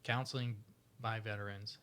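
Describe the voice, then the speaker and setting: A man in his forties speaks as a podcast guest, his voice sitting a little lower than most. He tells stories in a loose, animated way, stacking fillers and restarting his sentences as he goes. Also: normal speed. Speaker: podcast guest, veteran charity founder. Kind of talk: casual storytelling interview.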